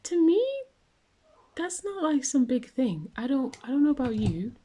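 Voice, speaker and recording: Young woman ranting to camera, warm mellow tone, rambly, lots of "like" and "um". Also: high-pitched, big pitch swings, moderate pace, a little hiss or hum. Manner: rambling, many fillers and restarts. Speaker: vlogger. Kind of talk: casual rant to camera.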